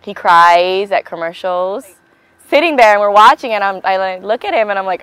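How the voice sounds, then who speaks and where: A woman's voice: medium pitch, brisk, a bit bright, clear, resonant tone, dry recording, low-quality recording. A young woman recounting her engagement in a casual interview, playful and affectionate, acting out remembered exchanges. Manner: playful, acts out quotes, affectionate. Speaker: bride-to-be interviewed for an engagement video.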